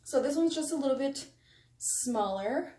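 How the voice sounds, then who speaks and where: A woman's voice: high-pitched, expressive, a little slow, warm tone. Chatty, gushing woman vlogger. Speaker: beauty vlogger. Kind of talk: casual haul video. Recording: echoey room, faint noise.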